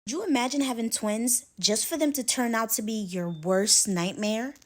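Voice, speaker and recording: A woman's voice: on the high side, normal speed. A woman telling a scary story in a casual, chatty way, acting out the characters' lines with her voice. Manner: chatty, acts out dialogue with her voice.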